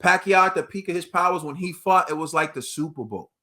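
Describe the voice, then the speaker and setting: An American man hosts a boxing talk show with a high voice. His tone is bright and forceful. He speaks emphatically, uses slang, and talks straight to his viewers. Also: a little fast. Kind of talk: animated commentary rant.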